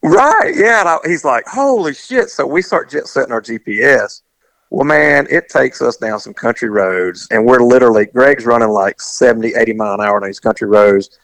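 A middle-aged man, casually telling a long, animated story and acting out the voices of the people in it. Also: medium pitch, normal speed, creaky, no room sound, poor audio. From US South. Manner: rambling, animated, acts out quoted voices.

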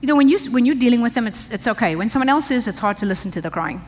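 A woman's voice: on the high side, expressive, very fast, a little mellow. Emphatic older woman preaching in a hall. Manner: emphatic, conversational preaching with asides. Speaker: pastor's wife preaching to women. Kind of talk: sermon. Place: church. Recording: long church-hall reverb.

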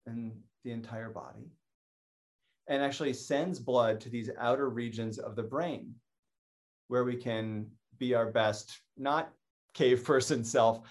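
A middle-aged North American man, a mindfulness teacher, gives a calm and earnest educational talk in a medium-pitched voice, frequently restarting his phrases.

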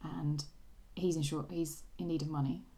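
A woman's voice: deep voice, fairly even intonation, normal speed, dark tone. A woman co-hosting a casual book podcast, chatty and enthusiastic, laughing often. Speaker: podcast co-host.

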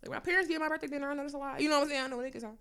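A young woman with a bright, forceful voice pitched a little high tells a story in loose, casual chat. She talks in an animated way and swears freely. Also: racing.

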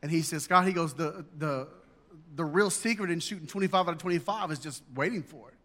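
A man in his forties, preaching with folksy humor and building emphasis. His voice sits high and sounds bright and forceful. The sound rings with the long reverb of a hall. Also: fairly quick. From Southern United States. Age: 40s. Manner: folksy storytelling with jokes, rising to emphatic preaching. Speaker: pastor. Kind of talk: sermon.

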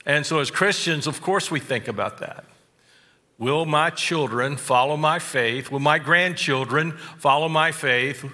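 Guy preaching real slow and careful, bright sharp voice, long hall echo. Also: on the high side. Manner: slow, deliberate delivery with stressed phrases and asides. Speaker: pastor. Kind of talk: sermon.

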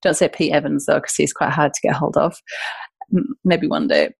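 A chatty woman with a northern English accent, hosting a casual podcast. Her voice sits fairly low and the recording is dry and close, with no room sound. She talks in an animated way and catches and corrects herself mid-sentence. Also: normal speed, gravelly, breathy edge, no echo. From north of England. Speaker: podcast host.

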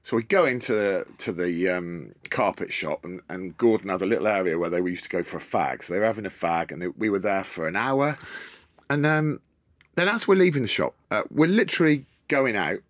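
Low-voiced man telling lively stories. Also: fairly quick, no echo, studio quality. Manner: animated storyteller, swears, acts out quotes. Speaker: podcast guest. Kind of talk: casual storytelling chat.

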